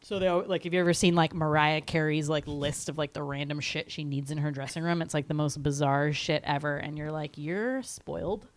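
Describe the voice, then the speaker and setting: A woman's voice: low-pitched, level tone, brisk, few pauses, dry recording. A woman co-hosting a podcast, chatting casually in a self-deprecating way. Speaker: podcast co-host. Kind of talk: casual chat about a film.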